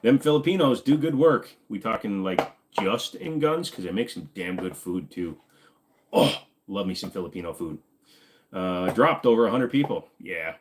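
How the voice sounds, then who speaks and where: A man hosting a casual livestream, chatting with viewers and reading the chat, joking and sarcastic, with sudden high exclamations. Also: animated, moderate pace, noisy background. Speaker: livestream host.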